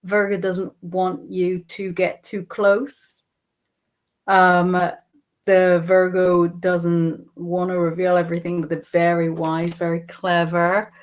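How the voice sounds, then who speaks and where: Lady doing a tarot live stream, kinda low voice, takes her time, lots of ums, reads out comments. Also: completely flat delivery. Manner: unhurried, reads viewer comments aloud, frequent ums. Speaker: psychic and tarot host.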